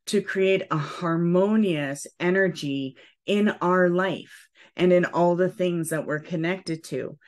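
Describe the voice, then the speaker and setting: Woman, ceremony leader, unhurried soothing guidance, deep voice. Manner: slow, gentle, soothing guidance with frequent "okay". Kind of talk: guiding a spiritual ceremony.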